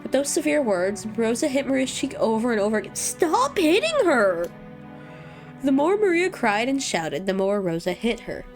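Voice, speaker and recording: A woman's voice: fairly high pitch, brisk, few pauses, soft background music. Young woman reading a visual novel aloud. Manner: expressive, reacts loudly. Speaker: let's-play streamer.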